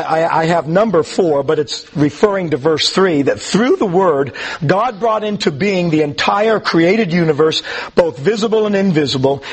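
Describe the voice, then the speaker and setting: A man with a slightly high, husky voice teaches a Bible class. He rambles in a chatty, informal way, stopping for ums and restarting his sentences.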